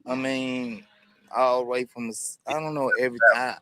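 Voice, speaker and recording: A tearful man with a breaking voice, speaking haltingly in a news interview outdoors at a storm-wrecked site. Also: mid-range voice, steady tone, background noise. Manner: halting, hesitant, repeats words. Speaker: tornado survivor interviewed on scene.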